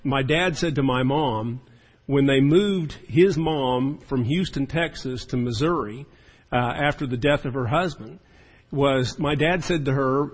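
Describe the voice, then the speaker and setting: A man's voice: medium pitch, measured pace, breathy edge, poor audio. A man preaching a sermon as the pastor, in a folksy and chatty storytelling manner.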